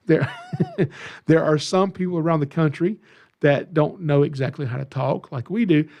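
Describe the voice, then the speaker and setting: Heard through lo-fi sound, a middle-aged Georgia man with a Southern accent speaks at a moderate pace in a slightly high voice with a darkish tone. He hosts a podcast, teaches about snakes, and tells self-deprecating, folksy stories in casual monologue.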